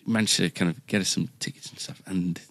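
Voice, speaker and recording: A man with a very low voice tells a story in a loose, casual chat. He rambles and restarts often, mocking himself as he goes. His voice is recorded dry and close, with no room sound. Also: fairly even intonation, fast, a bit bright, dry recording, in a whisper. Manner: rambling, self-deprecating, many fillers and restarts. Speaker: guitar shop staff member.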